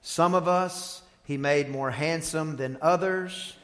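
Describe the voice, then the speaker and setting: High, bright-voiced preacher in a reverberant hall. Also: male voice, slow pace. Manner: builds from quiet to shouting fervor, storytelling. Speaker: pastor. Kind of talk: sermon. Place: church sanctuary. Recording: long church hall reverb.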